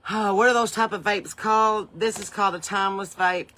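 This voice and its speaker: A woman's voice: medium pitch, steady tone, brisk, bright, forceful tone, rough recording. A Southern woman hosting a casual livestream from her porch, chatting folksily and greeting viewers by name. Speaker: podcast host and country singer. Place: home porch.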